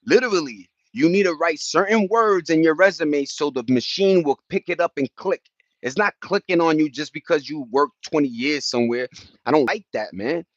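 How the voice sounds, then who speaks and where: A man's voice: a little high, normal speed, no echo, muffled recording. A man in his forties from New York with a New York accent, chatting casually on a livestream in streetwise slang and greeting viewers by name. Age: 40s. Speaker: livestream host.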